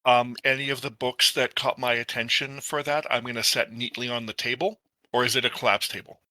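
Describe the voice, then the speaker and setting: A man's voice: medium pitch, steady tone, a little fast, sharp tone, no echo. A man playing a tabletop game, thinking aloud with many fillers and restarts. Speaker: player. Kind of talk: casual tabletop play.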